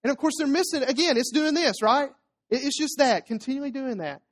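A man's voice: extremely high pitch, a little fast. A man preaching a sermon as pastor, talking through scripture conversationally with tag questions and playful asides. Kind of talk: expository sermon.

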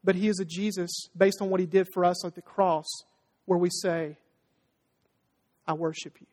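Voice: mid-range voice, little pitch movement, brisk, darkish tone. Emphatic preacher in a reverberant hall. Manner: emphatic, rhetorical call-and-response questions. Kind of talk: sermon.

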